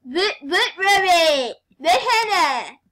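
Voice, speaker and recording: An excitable young woman talks over her gameplay in a high, very lively voice with a bright, sharp tone. She takes her time, sliding from hushed whispers into loud squeals and back. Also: slow. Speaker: gamer. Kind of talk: casual gameplay commentary.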